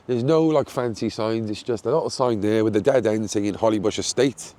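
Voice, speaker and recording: A man's voice: lowish voice, a little fast, dark tone. A man with a Cardiff accent, hosting a vlog of casual street interviews outdoors and calling everyone mate. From Cardiff, Wales. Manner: chatty, laughing, calls everyone mate. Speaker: vlogger host. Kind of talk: street interviews while walking. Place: outdoors on a housing estate.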